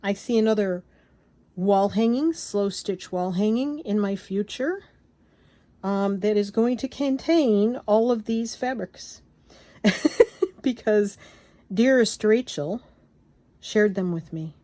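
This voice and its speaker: A woman vlogger showing off craft papers and fabrics in a gushing, excitable, casual chat, often trailing off and restarting. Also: mid-range voice, slow pace, pauses often, no echo. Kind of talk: casual show-and-tell chat.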